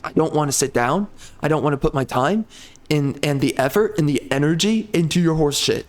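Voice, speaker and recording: A gaming streamer ranting furiously, swearing constantly and circling back to the same complaints. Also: male voice, a little high, lively intonation, a little fast. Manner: mocks others in a put-on sugary tone. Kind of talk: angry profane rant.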